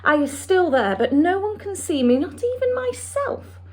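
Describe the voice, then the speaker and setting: Boastful boy, excited and bouncy, as a woman reads him aloud. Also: very high voice, normal speed, pitched above the performer's own voice. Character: boastful young boy dreamer.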